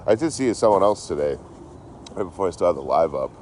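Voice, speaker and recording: Speaking fairly quickly in a low, animated voice with a slightly mellow quality, this Detroit man talks into his phone on an outdoor livestream by a road. He rambles casually and curses constantly, with slight background noise behind him.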